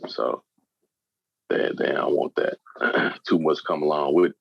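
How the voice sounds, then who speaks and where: Deep-voiced podcast co-host man, dry sound. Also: a little slow, gravelly, slightly rough, no room sound, muffled recording. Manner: playful banter, imitates slang greetings. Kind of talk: casual chat.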